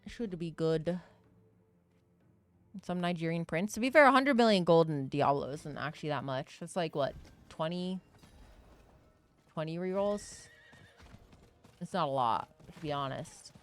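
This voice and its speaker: A woman's voice: deep voice, lively intonation, measured pace, pauses often. A young woman streaming a game, chatting casually and jokingly to herself and her chat, swearing freely. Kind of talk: live gaming stream chatter.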